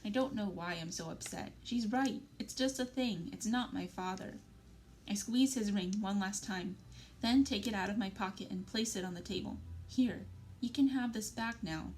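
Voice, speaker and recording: A woman reading a young adult novel aloud in a steady, even-paced way with quiet emotional emphasis. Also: medium pitch, normal speed, slight background noise, low-quality recording. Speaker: library story reader.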